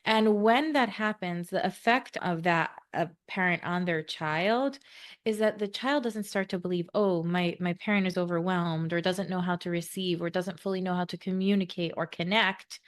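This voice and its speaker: A woman's voice: on the low side, moderate pace. A woman co-hosting a podcast, talking in an earnest, reflective way and explaining ideas at length. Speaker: podcast co-host.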